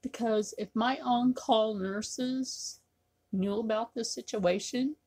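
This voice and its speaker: Slow, husky-voiced woman rambling to camera. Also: a little high, steady tone, darkish tone. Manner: rambling, repetitive, with many fillers. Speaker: vlogger. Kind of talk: casual talk to camera.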